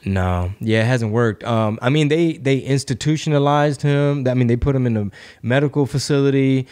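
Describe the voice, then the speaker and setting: A man's voice: mid-range voice, normal speed, darkish tone. Laid-back man retelling a long story. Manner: retells stories with many "he's like" quotes. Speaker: podcast host. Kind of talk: casual chat.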